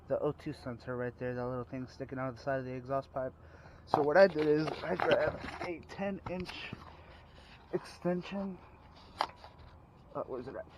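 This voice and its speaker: A man's voice: medium pitch, heavy background noise. A man talking casually through a car repair, rambling with fillers and restarts, recorded outdoors at night while working under the car. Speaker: DIY car repair vlogger. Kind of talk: casual how-to narration.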